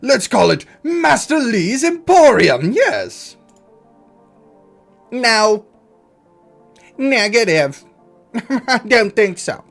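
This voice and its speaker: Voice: medium pitch, big pitch swings, extremely slow, gravelly, pauses often, faint music behind, voice pushed up, full character voice. A streamer voicing a greedy female raven-folk thief who cackles gleefully. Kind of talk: game dialogue read aloud.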